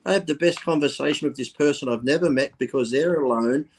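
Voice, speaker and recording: A man's voice: a little high, fast, husky. A man from Australia talking bluntly on a podcast, cursing freely. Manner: blunt and profane, talks in plain everyday terms. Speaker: podcast guest. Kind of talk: casual chat.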